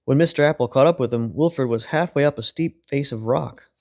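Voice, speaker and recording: A man hosting a podcast, reading a children's storybook aloud in a calm, unhurried way. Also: medium pitch. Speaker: podcast host and reader.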